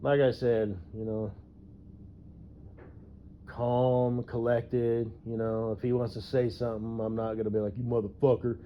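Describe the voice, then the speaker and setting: A man's voice: medium pitch, flat delivery, a little slow, long pauses, slight background noise. A man who drives trucks, ranting casually about a coworker, profane and rambling, chuckling to himself. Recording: dull lo-fi recording.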